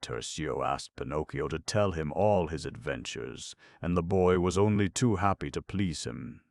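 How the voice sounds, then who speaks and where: A man reading an audiobook in steady, measured scripted narration. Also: very deep voice, creaky, no echo, clean studio sound.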